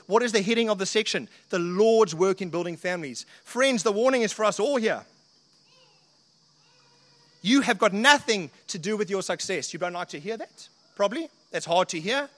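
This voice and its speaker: A man's voice: sits high, lively intonation, moderate pace. Man preaching in an echoing hall. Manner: earnest, conversational preaching with rhetorical questions. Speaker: pastor. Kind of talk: sermon.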